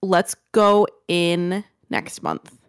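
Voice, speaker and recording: Female co-host, calm and practical, lower voice, casual chat. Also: extremely slow, smooth, dry recording, studio quality. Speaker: podcast co-host.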